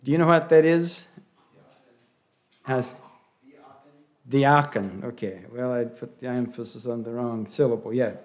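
A man with a Pennsylvania Dutch accent delivering a sermon, folksy and halting, often restarting his words. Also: medium pitch, darkish tone. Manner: halting, with many restarts and fillers; folksy, with light humor. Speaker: preacher.

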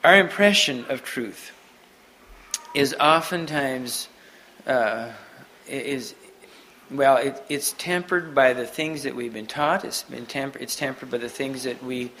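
Male preacher, mid-pitched voice, halting speech with restarts, faint background noise. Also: sharp tone, low-quality recording. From Mennonite community. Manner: halting, many restarts and repeated words. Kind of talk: unscripted sermon.

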